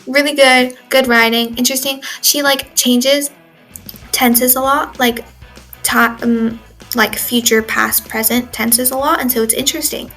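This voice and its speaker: A woman's voice: sits high, steady tone, a little slow, pushed and bright, faint music behind, poor audio. A sixteen-year-old girl recording a casual video diary in her room, rambling with lots of "like" and "um" fillers. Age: teens. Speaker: exchange student video journaler. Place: bedroom at home.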